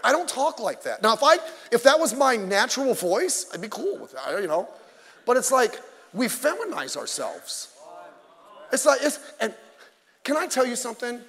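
High-voiced male pastor in a reverberant hall. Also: huge pitch swings, moderate pace, a bit bright. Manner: emphatic, conversational preaching with self-deprecating jokes. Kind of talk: sermon.

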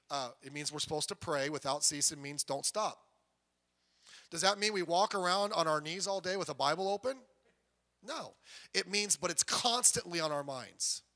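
A man preaching a sermon as pastor, animated, with sudden loud emphasis and quiet asides. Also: sits high. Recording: long reverb of a church hall.

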